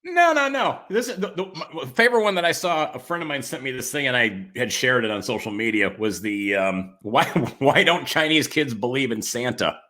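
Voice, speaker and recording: A man's voice: mid-range voice, lively intonation, normal speed, few pauses, bright, forceful tone. A man hosting a casual interview, enthusiastic, laughing often and plugging his guest. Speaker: host.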